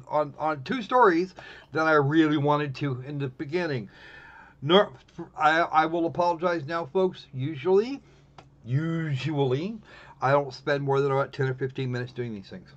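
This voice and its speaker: A man's voice: a little high, normal speed. Wry rambling man, muffled stream audio. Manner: rambling, self-correcting, wry. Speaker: live-stream host. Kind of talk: casual live-stream chat.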